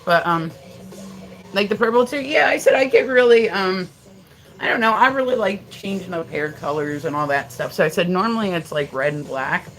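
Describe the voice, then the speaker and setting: A woman's voice: fairly low pitch, animated, normal speed, fairly bright tone, faint music behind, poor audio. A middle-aged woman chatting casually on a livestream, rambling and swearing as she answers viewer comments. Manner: rambling, profane storytelling. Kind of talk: casual live-stream chat.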